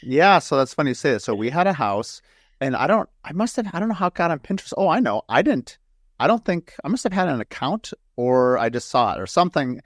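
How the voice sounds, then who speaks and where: A man's voice: on the high side, very animated, quick pace, no room sound, clean studio sound. A man from the northern United States hosting a podcast, telling long stories with frequent asides in casual chat. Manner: rambling storyteller, frequent asides. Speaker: podcast host and home builder.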